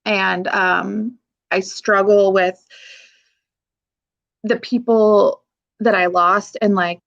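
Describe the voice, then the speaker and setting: A woman in her thirties talks openly in an interview, her voice sitting at an ordinary middle pitch. She swears casually and breaks into laughter between heartfelt remarks. The recording sounds a little dull and lo-fi. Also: steady tone, extremely slow, vocal fry, a bit bright. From Pacific Northwest, USA. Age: 30s. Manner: frank and emotional, swears casually, laughs often. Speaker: army veteran guest. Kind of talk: candid podcast interview.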